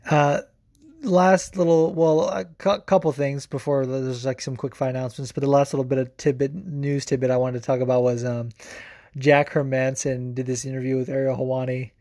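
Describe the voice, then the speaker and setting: This young male podcast host delivers loose, profane sports commentary packed with fillers. His mid-range voice is mellow and fairly even in intonation, moving at normal speed, and the studio-quality audio has no echo.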